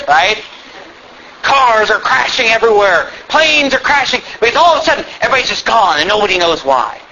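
Emphatic high-voiced male preacher. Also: pushed and bright, dull audio, a little hiss or hum. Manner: emphatic, sarcastic, reads scripture aloud with rising intensity. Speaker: pastor. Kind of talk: sermon.

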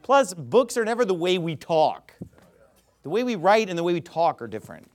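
A man's voice: high-pitched, sing-song, normal speed. A man talking as a Bible teacher in an informal rebuttal, emphatic and casual, often restarting his sentences.

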